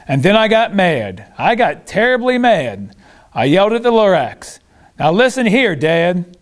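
A man with a high voice reads a rhyming children's story aloud with lots of animation. His pitch swings widely as he brings each line to life. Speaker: school staff reader. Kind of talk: reading a children's book aloud.

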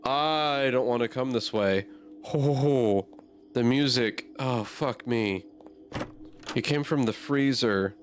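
A man's voice: mid-range voice, takes it slowly, a little hiss or hum. A man playing a horror game and talking through it aloud, easily startled and swearing often. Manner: jumpy, swears a lot, reacts aloud. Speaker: gamer.

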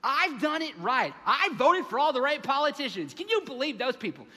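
A man's voice: very high-pitched, big pitch swings, moderate pace, pushed and bright, in a large hall, voice pushed up, exaggerated voice. A man voicing a resentful, dutiful young older brother who complains indignantly and whines about unfairness.

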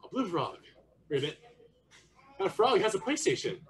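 With a high voice and wildly swooping pitch, a man runs an energetic online martial arts class for kids over video call, cheering them on playfully and leading drills with silly animal noises. He talks a little fast, and a bit of hiss or hum is present.

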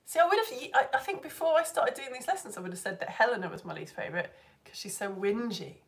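A woman's voice: fairly high pitch, fast talker. A young woman teaching online, chatting with viewers on a live stream, bubbly and laughing often as she greets people by name. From United Kingdom.

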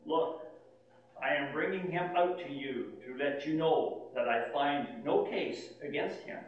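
A reader speaking the part of Pilate in a slow church scripture reading. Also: medium pitch, slight background noise, natural voice. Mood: stern. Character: Pilate, anxious Roman governor, man. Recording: distant, dull, echoey church sound.

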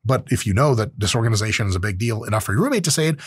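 A man's voice: fairly low pitch, animated, racing, husky, dry recording, studio quality. A man hosting a show, giving advice in a casual, profane, joking monologue. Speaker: podcast host.

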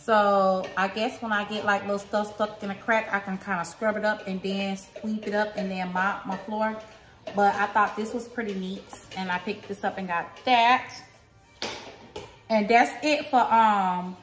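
A woman's voice: medium pitch, steady tone, a little slow, fairly bright tone, faint music behind. A woman vlogger showing off a shopping haul in a casual, chatty way, talking straight to her viewers at home. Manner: chatty, talks straight to viewers with lots of "y'all". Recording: roomy echo.

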